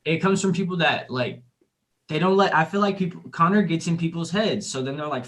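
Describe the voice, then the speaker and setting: A man's voice: fairly high pitch, expressive, brisk, a bit bright, low-quality recording. A blunt man who swears casually while chatting on a podcast. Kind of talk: casual chat.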